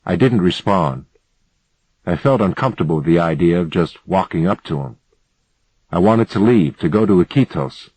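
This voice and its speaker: Deep husky male narrator, dry close sound, steady first-person audiobook read. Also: normal speed, dry recording, poor audio.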